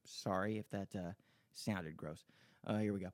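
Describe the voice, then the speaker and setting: A man's voice: low-pitched, fairly even intonation, normal speed, no echo, clean studio sound. A man hosting a podcast, rambling and joking, swearing freely as he chats and reads listener emails. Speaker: podcast host. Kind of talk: casual podcast chat.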